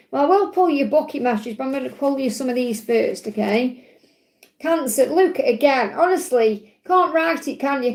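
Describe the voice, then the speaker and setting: A woman with a high voice gives a live card reading to her viewers. She talks in a chatty, rambling way and calls them sweet names as she goes. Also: darkish tone. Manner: chatty and affectionate, addresses viewers with endearments; rambling, with frequent fillers and asides. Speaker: tarot card reader.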